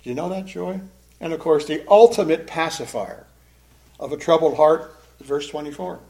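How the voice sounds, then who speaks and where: A man delivers a sermon in a fairly high voice. His tone is earnest and emphatic, and he presses hard on the phrases he wants to land. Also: normal speed, gravelly, darkish tone. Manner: earnest, emphatic preaching with rising intensity on key phrases. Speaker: pastor.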